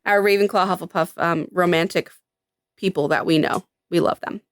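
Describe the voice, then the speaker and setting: A woman's voice: on the low side, fairly even intonation, normal speed, no echo. A young adult woman co-hosting a podcast in casual chat, laughing often and acting out quotes from a film. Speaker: podcast co-host.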